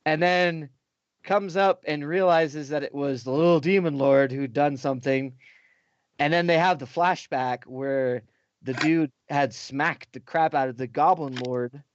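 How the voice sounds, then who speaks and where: Male co-host, casual livestream chatter, lively storyteller; dry close lo-fi mic. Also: fairly high pitch, a little slow, no room sound. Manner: animated retelling, often acting out exaggerated quotes. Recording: dull lo-fi dry sound.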